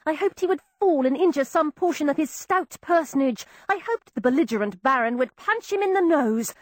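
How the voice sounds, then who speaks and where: A woman narrating a first-person novel with a wry, expressive delivery. Her voice sits fairly high and swoops lively through each sentence. The recording is close and dry. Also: normal speed, no echo. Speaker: audiobook narrator.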